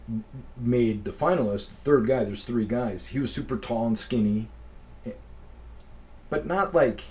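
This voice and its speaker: A man's voice: lowish voice, a little mellow. A middle-aged man from Wisconsin, telling a story casually, rambling and swearing freely. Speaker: podcast host.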